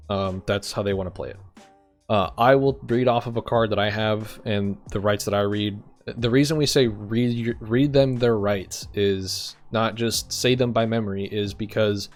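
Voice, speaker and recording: Guy with a lowish voice walking recruits thru arrest steps, slow and methodical, lots of ums, faint music behind. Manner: steady, methodical, explains step by step with many ums. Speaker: roleplay police sergeant training recruits. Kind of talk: instructional roleplay briefing.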